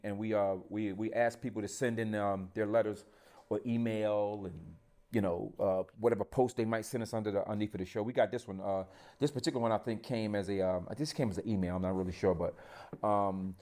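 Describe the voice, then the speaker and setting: A man's voice: on the low side, fairly even intonation, a little fast, warm tone. A man hosting a podcast, talking bluntly in casual chat with plenty of profanity. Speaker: podcast host.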